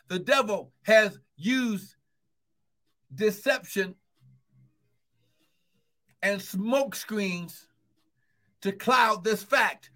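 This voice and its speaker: Preacher, male, high and bright voice, slow deliberate delivery, fervent with shouted praise. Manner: fervent, bursts into shouts of "woo, glory"; calls out repeated encouragements to listeners. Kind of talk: sermon. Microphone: streaming live to online viewers.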